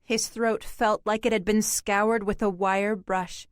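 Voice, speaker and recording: A woman narrating an audiobook with measured, even storytelling. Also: medium pitch, clear, resonant tone, no echo, studio quality.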